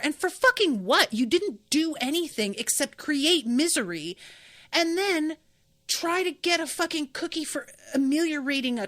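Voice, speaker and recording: A woman's voice: high-pitched, fairly bright tone, no room sound. Heated, swearing woman podcast host. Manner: emphatic, swears freely; ranting, heated. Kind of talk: casual book-reaction podcast.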